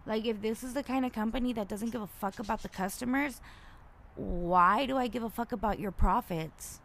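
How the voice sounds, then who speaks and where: A woman ranting casually and bluntly, swearing freely and rambling with many fillers, getting loud and indignant as she retells a conflict. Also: fairly high pitch, normal speed. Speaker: podcaster.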